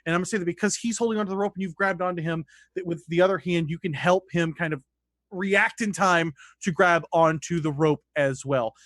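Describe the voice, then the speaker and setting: A man's voice: high-pitched, brisk, fairly bright tone, dry recording, clean studio sound. A man running a tabletop game as dungeon master, narrating loosely with restarts. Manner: loose, conversational rulings with restarts.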